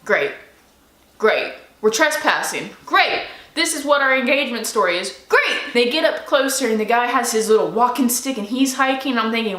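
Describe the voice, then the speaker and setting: A young woman vlogger tells a personal story straight to camera in a chatty, animated way. Her voice sits a little high and sounds bright. The room adds a noticeable echo. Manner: excited, chatty, animated retelling.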